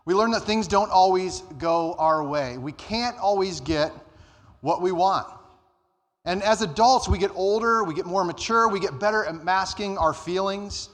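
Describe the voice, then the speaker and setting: A man preaching a sermon as pastor, earnest, rising and slowing down to stress his points. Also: a bit bright. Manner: earnest, rises in pitch and slows down for emphasis. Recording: church hall reverb.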